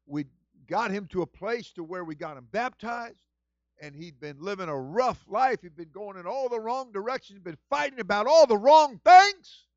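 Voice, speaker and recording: Male senior pastor, sermon delivery, repeats lines for emphasis, swings from hushed to loud. Dry, muffled recording. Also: high-pitched, no room sound. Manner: swings from quiet storytelling to shouted exhortation.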